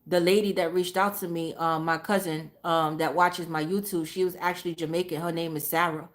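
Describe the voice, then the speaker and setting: A woman's voice: steady tone, brisk. Rambling woman vlogger, casual chat. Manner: rambling, repeats herself, trails into low mutters. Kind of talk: casual monologue.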